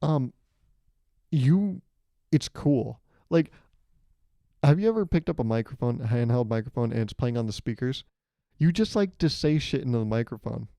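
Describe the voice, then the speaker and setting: Young guy rambling on his own podcast, mellow voice, dead dry mic, cracks himself up. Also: medium pitch, animated, moderate pace, creaky, long pauses, dry recording. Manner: rambling, jokey, self-mocking, laughs at own jokes. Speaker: podcast host. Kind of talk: solo comedic podcast monologue. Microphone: studio microphone, hears himself in headphones.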